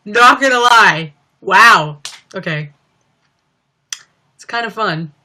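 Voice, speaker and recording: Young woman live streaming from home, slow giggly rambly chat, kinda low but bright voice. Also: lively intonation. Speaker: livestreamer.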